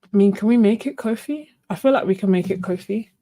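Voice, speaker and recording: A woman's voice: medium pitch, brisk, dark tone, no room sound. A woman hosting a casual art livestream, chatting, laughing often and thinking aloud. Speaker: art channel host.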